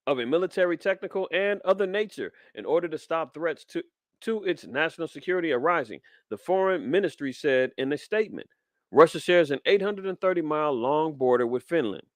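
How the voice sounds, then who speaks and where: Fiery preaching man, slightly high voice. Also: animated, a little fast, dry recording, clean studio sound. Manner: fiery, preachy, street slang, reads headlines aloud. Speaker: podcast host. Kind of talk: preaching commentary on news.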